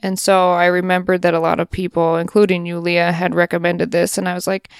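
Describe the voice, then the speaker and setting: Brief: woman podcast co-host, smooth clean voice, dry sound, chatty and upbeat. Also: lowish voice, monotone, fairly quick, no echo. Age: adult parent. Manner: chatty, enthusiastic, lots of fillers. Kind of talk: casual chat.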